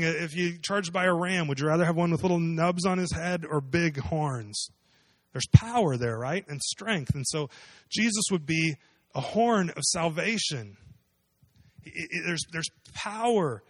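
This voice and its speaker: A man's voice: a little high, lively intonation, unhurried, no echo, clean studio sound. A man preaching a sermon, explaining a scripture passage in a conversational way and asking his listeners questions. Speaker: pastor.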